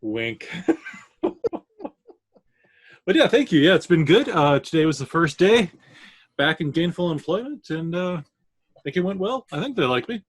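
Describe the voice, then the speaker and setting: A man's voice: high voice, animated, normal speed, pauses often, slightly rough. A man from Canada co-hosting a casual gaming podcast, cracking jokes and playful asides. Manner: joking, playful, makes silly noises. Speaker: podcast co-host. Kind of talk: casual chat.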